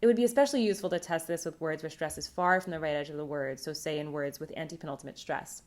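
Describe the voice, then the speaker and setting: A woman presenting a recorded academic conference talk, reading a prepared script in a measured, explanatory way. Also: low voice, a little mellow.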